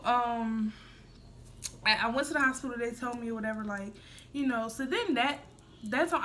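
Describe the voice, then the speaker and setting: A young woman from the United States chats through a casual storytime vlog, filling her talk with fillers and turning to her viewers often. Her voice sits a little high and rings bright and forward. She records it on her phone at home, with faint noise behind her. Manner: chatty and rambling, full of fillers, addresses viewers directly. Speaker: vlogger.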